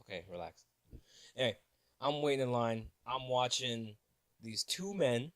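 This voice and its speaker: A young man rambles through a story in a casual vlog, animated and quick to joke and laugh at himself. His voice sits at a middling pitch, and the recording is dry and close with no room sound. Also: no room sound. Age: 20s. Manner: animated, joking, laughing at his own asides. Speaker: vlogger.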